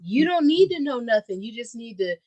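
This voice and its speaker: A woman's voice: on the high side, fairly quick, dry recording, muffled recording. A woman co-hosting a live stream, chatting casually and chiming in with short agreements. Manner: relaxed, chimes in with short agreements. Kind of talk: casual chat.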